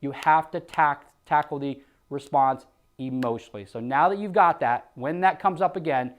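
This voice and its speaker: A man's voice: a little high, normal speed. A man coaching insurance agents, acting out phone scripts and punching points with emphatic exclamations. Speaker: sales trainer. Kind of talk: sales coaching lesson with role-played scripts.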